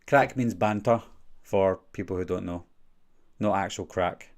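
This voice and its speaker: With a deep voice and a slightly slow delivery, this young channel host speaks in a Glaswegian Scottish accent. He's running a relaxed live-stream Q&A, meandering through viewers' questions with plenty of filler words.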